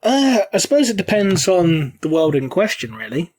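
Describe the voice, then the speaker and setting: Rambling, swearing podcast host. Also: male voice, sits high, sing-song, moderate pace, darkish tone. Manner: rambling, swears freely, many "you know" fillers. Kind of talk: casual podcast chat.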